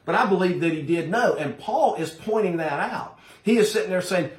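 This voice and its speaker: A man's voice: high voice, lively intonation, moderate pace, hardly any pauses. Emphatic male preacher, echoey room. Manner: emphatic, addresses listeners as folks. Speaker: pastor. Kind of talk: sermon.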